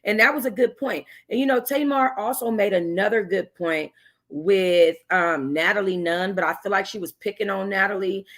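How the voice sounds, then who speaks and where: A woman's voice: mid-range voice, fairly even intonation, moderate pace, fairly bright tone. Sassy, emphatic woman streamer. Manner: sassy, emphatic, chatty with slangy asides. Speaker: YouTube host reviewing a reality show. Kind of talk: casual livestream commentary.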